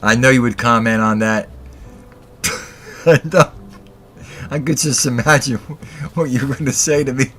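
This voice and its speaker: A man's voice: medium pitch, measured pace, pauses often, fairly bright tone. A man hosting a casual livestream chat, giggling constantly and breaking into laughter mid-sentence. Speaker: livestream host.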